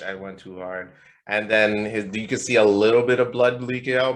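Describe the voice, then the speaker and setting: A young man with a very deep, low voice tells a party story on a podcast. He is laid-back and slangy, drifting through fillers and casual swearing. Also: flat delivery, normal speed. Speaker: podcast co-host.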